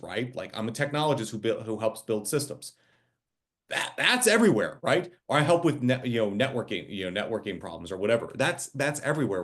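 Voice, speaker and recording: A man co-hosting a casual business show, talking in a lively way with many fillers and restarts. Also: medium pitch. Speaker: co-host.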